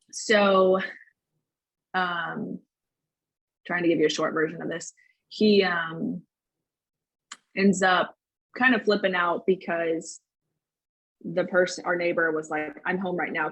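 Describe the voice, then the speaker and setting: Husky young woman telling her story. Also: fairly low pitch, poor audio. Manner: earnest, rambling, acts out quoted lines. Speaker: podcast guest. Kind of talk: personal story told in conversation.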